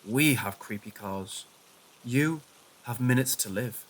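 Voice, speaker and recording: Sneering little helmet woman from a horror story, a man doing her, taunting and cursing, mid-pitched. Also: slow pace, slightly rough. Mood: menacing. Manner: taunting, foul-mouthed.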